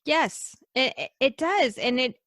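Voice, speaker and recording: A woman's voice: sits high, lively intonation, a little slow, a bit bright, no room sound, clean studio sound. A woman speaking as a guest in an interview, emphatic and repeating her key phrases for force. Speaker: podcast guest. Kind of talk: conversational interview.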